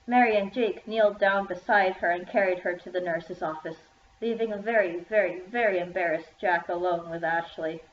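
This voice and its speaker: A woman's voice: fairly low pitch, normal speed. A woman reading her own children's story aloud in a plain manner. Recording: echoey room, dull lo-fi sound.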